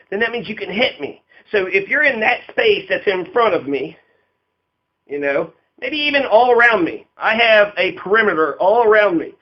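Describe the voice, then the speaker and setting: High-voiced rambling profane man. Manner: rambling, profane, laughing, acts out quotes in a raised voice. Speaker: political commentator. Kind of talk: casual political commentary. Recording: dull lo-fi audio.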